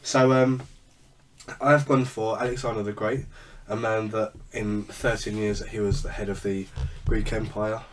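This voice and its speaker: A man with a low voice chats loosely on a podcast, full of ums and restarts. He sits a little off the mic, with a faint hiss behind him. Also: little pitch movement, normal speed, recorded from a distance. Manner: rambling, many fillers and restarts. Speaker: podcast co-host. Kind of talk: casual chat.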